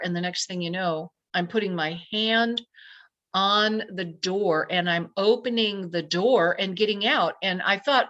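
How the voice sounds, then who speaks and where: A woman guest telling a personal story in a lively way, acting out her own past thoughts as quotes. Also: mid-range voice, unhurried. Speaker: podcast guest. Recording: dull lo-fi sound.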